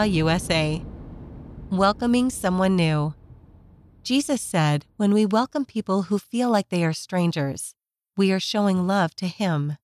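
A woman narrating a children's story in a gentle, measured scripted reading. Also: mid-range voice, no echo.

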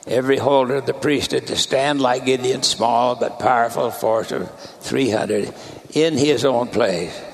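A man delivering a sermon as a church leader, in a measured, deliberate preaching cadence. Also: medium pitch, creaky.

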